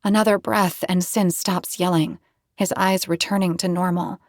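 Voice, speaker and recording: A woman's voice: on the low side, fairly even intonation, normal speed, dry recording, clean studio sound. A woman reading a novel aloud in first person, with tense, dramatic storytelling. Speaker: audiobook narrator.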